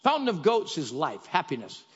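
A man's voice: a little high, huge pitch swings, moderate pace, slightly rough. A man preaching a sermon in a church sanctuary, talking in an emphatic, repetitive, exhorting way. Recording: dull echoey church hall.

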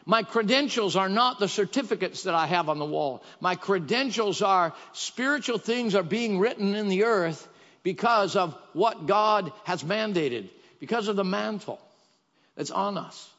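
A man's voice: sits high, expressive, unhurried, a bit bright. Guy preaching a sermon, fired up and repeating himself, kinda muffled lo-fi church recording. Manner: emphatic, exhorting, repetitive. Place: church sanctuary. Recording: dull echoey church hall.

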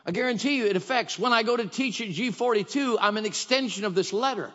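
A man's voice: high-pitched, fast talker, pushed and bright. A man preaching a sermon in a church sanctuary, talking in an emphatic, repetitive, exhorting way. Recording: dull echoey church hall.

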